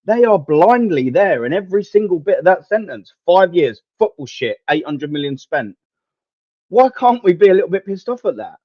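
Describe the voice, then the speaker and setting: Young bloke, slightly high voice, fed-up sweary football rant to live chat; dry, muffled home mic. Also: male voice, sing-song, moderate pace, no room sound. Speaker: football watchalong host. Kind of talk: live match watchalong commentary and rant.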